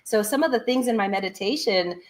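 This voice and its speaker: Lively woman telling a story. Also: medium pitch, a little fast. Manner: lively storyteller who acts out what others said. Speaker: podcast guest, construction business owner. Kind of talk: storytelling in a podcast interview.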